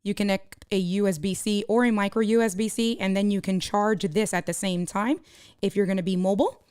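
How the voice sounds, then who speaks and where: A woman live streamer talking casually to her viewers, walking them through her camera gear step by step and answering their comments as they come in. Her pitch sits in the middle for a woman. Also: fairly even intonation, fairly quick, a little mellow, clear, resonant tone, no echo, studio quality.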